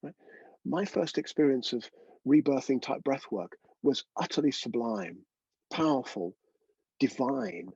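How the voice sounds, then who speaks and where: A man's voice: medium pitch, animated, unhurried, darkish tone, breathy edge, dry recording, highs cut off. A man teaching a live online breathwork class, chatty and coaching, often checking in with his students.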